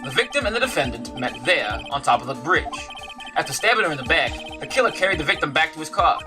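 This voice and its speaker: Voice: mid-range voice, very animated, quick pace, natural voice. A streamer voicing a nervous, dutiful male detective who stumbles over names and ends his lines with "sir", music underneath. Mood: earnest. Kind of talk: voicing a game character.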